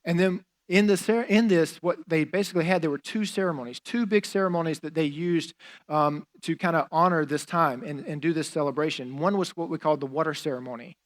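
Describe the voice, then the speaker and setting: A man's voice: fairly high pitch, fairly quick. Conversational male pastor preaching. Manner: conversational preaching with fillers and acted-out quotes. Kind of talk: sermon.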